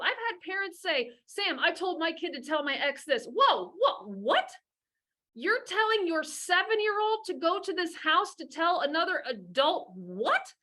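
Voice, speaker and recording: A middle-aged woman working as a divorce coach speaks in a very high, sharp voice. She gives blunt, profane advice on divorce and parenting, delivered fiercely and with heavy emphasis.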